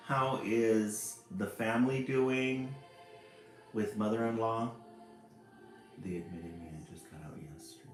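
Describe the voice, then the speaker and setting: Unhurried and lowish, with long pauses, a man hosts a relaxed livestream and greets viewers by name in a cheerful way. His voice jumps up when he says hello. The audio carries a roomy echo with faint music in the background.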